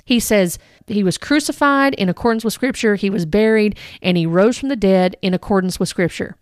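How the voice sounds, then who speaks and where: An earnest woman talks through a religious teaching and rebuts it point by point. Her voice is smooth and clear at a middle pitch. The sound is dry and close, with no room around it. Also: brisk, no echo. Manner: earnest, reads quotes aloud then rebuts them. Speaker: Christian commentator. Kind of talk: critical teaching commentary.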